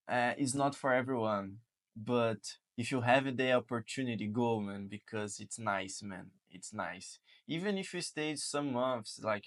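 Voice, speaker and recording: A man's voice: medium pitch, a little slow. A man from Brazil with a Brazilian Portuguese accent, speaking English as a second language as host of a casual chat, earnest and repetitive, often saying "man". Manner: earnest, repeats words and says "man". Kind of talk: casual conversation.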